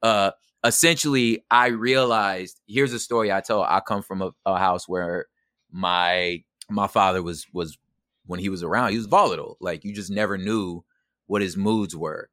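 Middle-aged male guest, slangy and animated, bright tense tone, close and dry. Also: low-pitched, normal speed, no room sound. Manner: animated, slangy, acts out quotes. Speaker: podcast guest. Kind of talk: casual storytelling.

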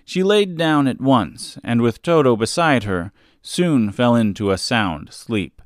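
Slow, expressive male storyteller. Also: mid-range voice, no echo, clean studio sound. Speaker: podcast host and narrator. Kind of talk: storybook read-aloud narration.

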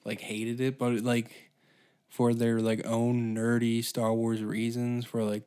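A man's voice: medium pitch, little pitch movement, slow, dark tone, clean tone. Profane, stuttering male podcast host ranting. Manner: profane, sarcastic ranting with frequent stutters and restarts. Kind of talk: casual solo podcast rant.

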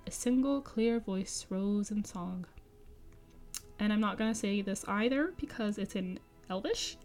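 A woman podcast host reads a book aloud at a middle pitch, then breaks off for chatty, enthusiastic asides peppered with fillers. Soft music sits faintly behind her voice. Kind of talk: book reading with casual commentary.

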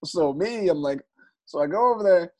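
A male stand-up comedian telling a story in casual chat, animated and swearing, acting out other people's lines. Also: high voice, moderate pace.

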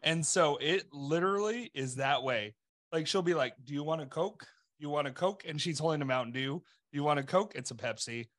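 A man's voice: a little high, a little fast, fairly bright tone. A man co-hosting a podcast, chatting casually and jumping in with jokes. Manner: jokey, interjecting. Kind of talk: casual chat.

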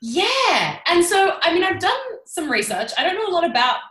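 A young woman casually retelling a book's plot, animated and full of "like," as a podcast co-host. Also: extremely high pitch, moderate pace, echoey room, rough recording. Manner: chatty, animated retelling with frequent "like". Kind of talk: casual chat.

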